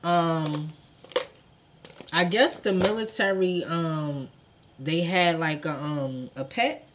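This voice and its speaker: A young woman telling a true crime story to her viewers in casual, profane speech, acting out the quotes with sudden jumps in loudness. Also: sits low, takes it slowly, background noise. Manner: animated, profane, acts out quotes with big swings in loudness.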